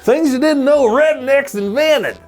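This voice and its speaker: Hokey Southern redneck announcer, high and loud, as a podcast host puts him on. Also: male voice, unhurried, soft background music.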